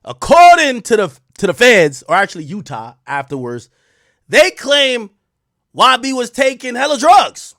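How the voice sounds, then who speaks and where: A man hosting a live stream, telling a story in a profane, excitable way that swings from loud outbursts to low mutters. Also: a little slow, dry recording, clean studio sound. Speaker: streamer host.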